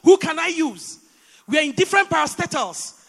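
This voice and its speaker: Lively Nigerian woman preaching in a hall. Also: high-pitched, fairly quick. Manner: animated, with repeated rhetorical questions. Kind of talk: sermon.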